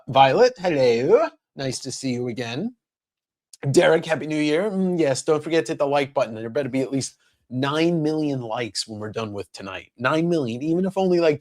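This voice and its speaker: Upbeat man hosting a live sale stream. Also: medium pitch. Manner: upbeat, jokey, greets viewers by name. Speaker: live-stream seller and host. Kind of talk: casual live-stream chat.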